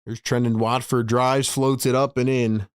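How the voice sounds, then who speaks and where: Calling the game play by play for fans, a man chats with his audience between plays, speaking rapidly, laughing often and reading their messages aloud. He has a medium-pitched, level, clear and resonant voice, in a dry, clean studio recording.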